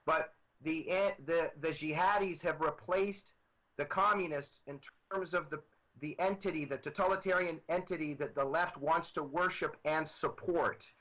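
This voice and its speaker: Emphatic man with a bright, forceful voice. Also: fairly high pitch, fairly even intonation, normal speed, rough recording. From Soviet Union. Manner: emphatic, repetitive, rising to passionate declarations. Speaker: author. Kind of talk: political interview.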